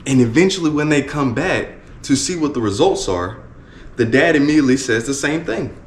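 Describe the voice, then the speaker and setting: A man's voice: mid-range voice, expressive, a little fast, slight background noise. Earnest man telling a story. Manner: repetitive and earnest, with many restarts. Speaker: motivational speaker. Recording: roomy echo with faint ambience.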